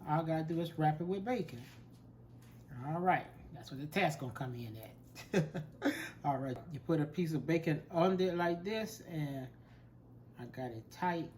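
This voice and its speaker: A man's voice: on the high side, expressive, normal speed, darkish tone, a little hiss or hum. A man hosts a home cooking show, chatting in a folksy way while he works. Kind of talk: casual cooking demonstration.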